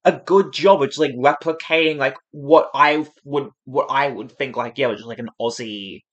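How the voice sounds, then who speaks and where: A woman's voice: very deep voice, moderate pace, highs cut off. A woman hosting a reaction video, rambling and hedging with lots of fillers. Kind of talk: casual reaction commentary.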